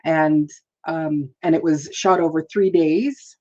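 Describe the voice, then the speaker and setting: A woman's voice: sits low, steady tone, takes it slowly, mellow, highs cut off. A woman hosting a live stream, chatting in a rambling, casual way, laughing often and greeting viewers. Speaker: livestream host.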